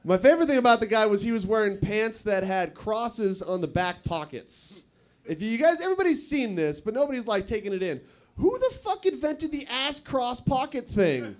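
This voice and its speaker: A man's voice: high-pitched, very animated, normal speed. A young man doing stand-up at an open mic in a bar, crude and rambling as he banters with the crowd. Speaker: stand-up comedian.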